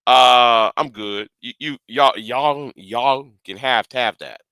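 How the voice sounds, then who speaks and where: A man's voice: mid-range voice, slow pace, sharp tone, smooth, no echo, low-quality recording. A man hosting a casual chat, stumbling over repeated words and fillers. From Texas.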